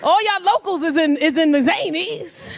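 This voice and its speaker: A woman doing stand-up comedy on a club stage, brash and animated, acting out voices and working the crowd. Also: very high voice, moderate pace, gravelly, slight background noise. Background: audience laughter.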